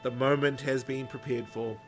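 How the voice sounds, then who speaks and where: A man's voice: mid-range voice, steady tone, moderate pace, soft background music. A man co-hosting a podcast, casually recapping a story in a rambling, jokey way with lots of ums. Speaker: podcast co-host.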